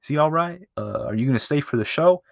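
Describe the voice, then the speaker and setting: A man's voice: on the high side, lively intonation, fast talker, creaky, no echo, clean studio sound, pitched above the performer's own voice. A man voicing a cool, stubborn male stuntman who speaks in a terse, unbothered way. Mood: friendly.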